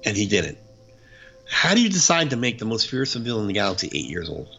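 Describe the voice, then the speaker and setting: A man's voice: fairly low pitch, big pitch swings, fast, pushed and bright. A man in casual chat who talks animatedly and breaks into mock voices. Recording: dull lo-fi recording with faint music.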